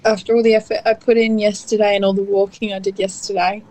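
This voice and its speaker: A woman's voice: medium pitch, level tone, fast talker, soft background music, low-quality recording. Sweary Australian woman co-hosting a podcast. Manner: sweary, loud and blunt. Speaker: podcast co-host. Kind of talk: casual crude banter.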